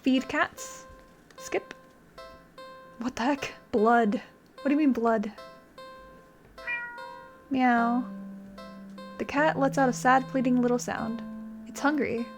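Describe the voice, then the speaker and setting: This game streamer, a young woman, speaks in a high-pitched voice, a little slowly and with long pauses, while faint music plays. She reads the narration aloud with flair and chats between passages using hesitant fillers.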